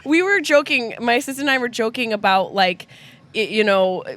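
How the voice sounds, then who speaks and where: A woman's voice: a little high, lively intonation, normal speed, fairly bright tone. A woman in her thirties hosting a live podcast, bawdy and teasing in casual banter, laughing often. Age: 30s. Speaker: podcast host.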